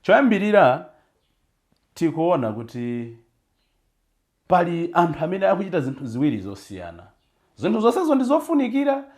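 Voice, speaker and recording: A Catholic priest preaching a homily, mixing in English phrases with emphatic stresses. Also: male voice, fairly high pitch, wildly swooping pitch, normal speed, pauses often, a little mellow.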